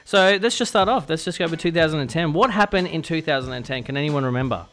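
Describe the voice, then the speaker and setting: Chatty Australian radio host, stumbling a bit. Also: male voice, fairly high pitch, fast, fairly bright tone. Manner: chatty, self-deprecating, stumbles over words. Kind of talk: casual radio show hosting. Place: radio studio.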